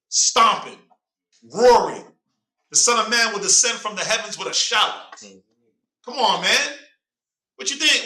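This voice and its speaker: A man with a very high, strained, bright voice leads a Bible class in call-and-response, preaching emphatically as he prompts a reader along. The mic is far off, giving the sound a roomy quality.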